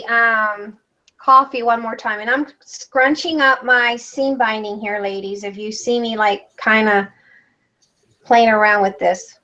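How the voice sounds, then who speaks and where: A woman chats casually while crafting on a livestream, reading viewer comments aloud as she works. Her voice sits a little high. The recording sounds dull and lo-fi. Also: bright, forceful tone. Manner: chatty, reads out viewer comments while working.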